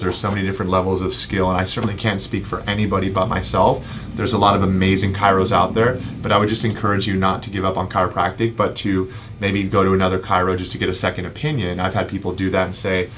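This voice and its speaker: A low-pitched, fairly bright male voice with a little background noise. He's a chiropractor in his thirties, hosting a casual live Q&A and answering viewer comments with plenty of ums.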